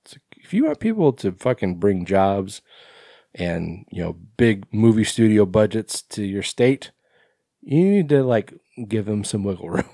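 Low-voiced rambling podcast man. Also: very animated, unhurried, dark tone, no room sound, clean studio sound. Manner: rambling, filler-heavy, swears freely. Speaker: podcast co-host. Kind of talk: casual chat.

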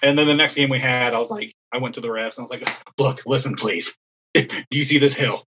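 A man, an assistant softball coach, telling a story in casual chat, acting out other people's lines in a raised voice. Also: medium pitch, fairly even intonation, quick pace, lo-fi sound, background noise.

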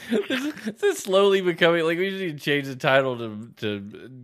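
A man in a loose podcast conversation who laughs through his stories. He acts out little quotes with big jumps in his voice, sitting a bit higher than most men, reading news aloud in a relaxed way. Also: normal speed. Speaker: podcast co-host. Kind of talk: casual chat.

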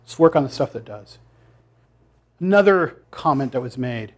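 A man's voice: mid-range voice, animated, moderate pace. A man giving an informal sermon to a church group, conversational and challenging, with dry asides. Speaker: pastor. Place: church meeting room.

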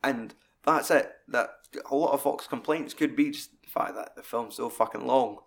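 A man's voice: medium pitch, moderate pace, creaky. A man in casual film talk, swearing often and acting out lines from scenes. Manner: animated, sweary, acts out quotes.

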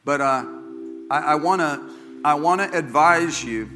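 A man's voice: on the high side, measured pace, in a large hall, music in the background. An older man preaching a sermon as pastor, folksy and joking, often repeating himself. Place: church sanctuary.

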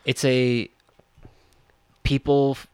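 A man co-hosting a podcast in relaxed casual chat, full of fillers and laughing along. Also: mid-range voice, takes it slowly, clear, resonant tone, no room sound, studio quality. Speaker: podcast co-host.

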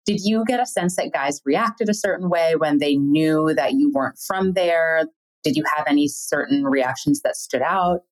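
A woman from the United States hosting a podcast, chatty and quick to laugh while asking questions. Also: low-pitched, rough recording. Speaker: podcast host. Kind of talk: casual interview chat.

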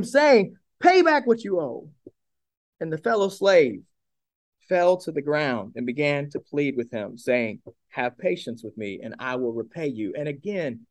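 High-voiced pastor preaching animatedly. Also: male voice, no echo, studio quality. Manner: animated storytelling with rhetorical questions. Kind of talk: sermon.

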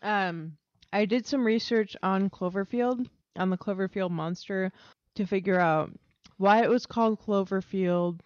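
A woman co-hosting a casual podcast, explaining researched facts haltingly with many "um"s. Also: mid-range voice, a little mellow, no echo, highs cut off. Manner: hesitant, reads facts with many "um"s. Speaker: podcast co-host. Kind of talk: casual chat.

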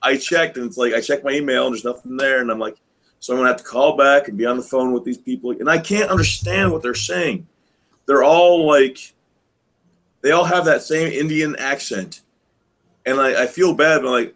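A man at an ordinary middle pitch chats loosely on a podcast, one tangent after another. He tells his gripes as stories and mimics the people in them along the way. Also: normal speed, fairly bright tone. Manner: rambling storyteller, mimics people he quotes. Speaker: podcast co-host. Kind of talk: casual chat.

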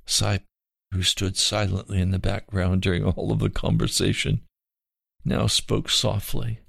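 Man, earnest Christian story narration, slow delivery, gravelly low voice, dry close sound. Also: little pitch movement, fairly bright tone, dry recording.

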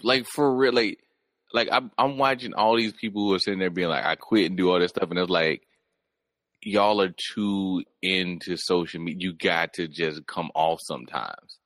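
A man's voice: low voice, fairly even intonation, moderate pace, a bit bright, dry recording. A man co-hosting a podcast, riffing loosely and joking about a clip. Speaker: podcast co-host. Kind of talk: casual chat reacting to a clip.

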